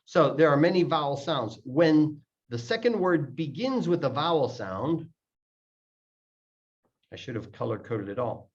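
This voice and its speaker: A man explains pronunciation at a slow, deliberate pace, often repeating short phrases to show how words link. His voice sits a bit high for a man. The recording is dull and lo-fi. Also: lively intonation. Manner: repeats words slowly to demonstrate sounds. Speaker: English pronunciation teacher. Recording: dull lo-fi audio.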